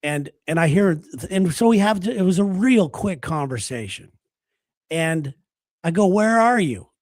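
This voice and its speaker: A man's voice: fairly high pitch, lively intonation, a little slow, darkish tone, no room sound, clean studio sound. A man hosting a casual talk show, telling stories and laughing as he talks. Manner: storytelling, laughs while talking. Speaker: radio show host. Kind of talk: casual chat.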